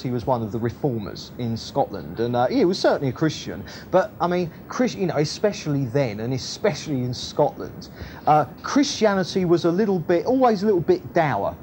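A man preaching a sermon, shifting between loud emphasis and quiet, low asides. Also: slight background noise. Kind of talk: sermon, Bible teaching.

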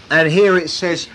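A preacher delivering a sermon in an animated, humorous way, laughing at his own jokes. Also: mid-range voice, a little hiss or hum. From Britain.

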